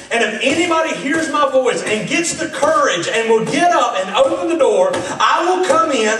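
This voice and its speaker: A man's voice: extremely high pitch, pitched above the performer's own voice, full character voice. A male preacher voicing God as an earnest figure calling out through a door. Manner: urgent, emphatic. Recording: echoey hall, distant mic.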